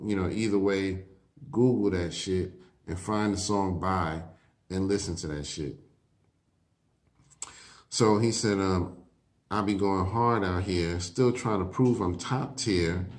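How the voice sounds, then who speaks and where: Laid-back man host, very low voice, casual lyric breakdown. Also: darkish tone. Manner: laid-back, repeats "you know what I mean"; reads lyric lines aloud slowly. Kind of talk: casual commentary.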